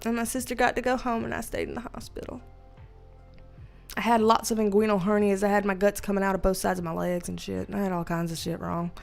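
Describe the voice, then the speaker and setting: A woman's voice: medium pitch, flat delivery, fast, gravelly, a little mellow, soft background music. A woman hosting a casual livestream, greeting viewers by name, laughing often and swearing casually. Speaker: livestream host. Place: dim indoor room with ring light.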